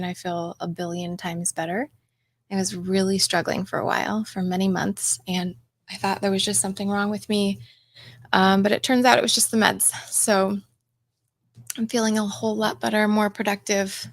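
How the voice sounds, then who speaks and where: A woman's voice: mid-range voice, fairly bright tone. A middle-aged woman hosting a casual livestream from home, chatting with viewers with lots of ums and laughs. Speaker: coach and livestream host.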